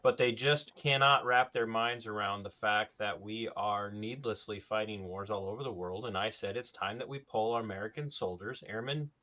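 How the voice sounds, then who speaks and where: A man's voice: lowish voice, normal speed, hardly any pauses, bright, forceful tone. A man co-hosting a talk show, speaking with passion and hard emphasis, his voice climbing when he gets worked up. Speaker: co-host. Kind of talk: podcast talk, impassioned rant.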